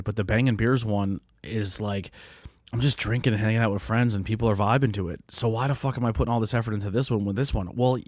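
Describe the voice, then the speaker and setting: Podcast host, late 30s male, low voice, swears a lot, earnest and rambling, dry close mic. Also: dry recording. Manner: blunt, profane, heartfelt and rambling. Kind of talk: candid solo podcast monologue.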